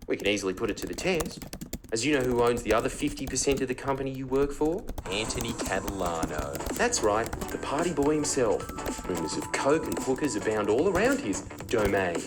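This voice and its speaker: A man's voice: mid-range voice, very animated, a little fast, over music, rough recording. A man delivering a mocking scripted monologue, firing heated rhetorical questions. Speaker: political comedian.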